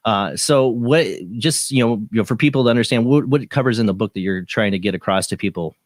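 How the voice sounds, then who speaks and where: A man's voice: mid-range voice, fast talker, no room sound, studio quality. A man hosting a radio talk show, chatting casually and rambling with many restarts. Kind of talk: casual interview chat.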